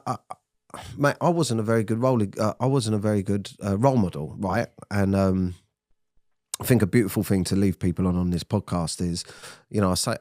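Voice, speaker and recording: A man's voice: lowish voice, a little mellow, no echo, studio quality. A man hosting a candid podcast conversation, blunt and sweary, often repeating himself. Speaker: podcast host.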